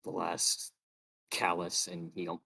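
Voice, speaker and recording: Player, male, very deep, gravelly, slow, dry close sound. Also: monotone, sharp tone. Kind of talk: tabletop role-play.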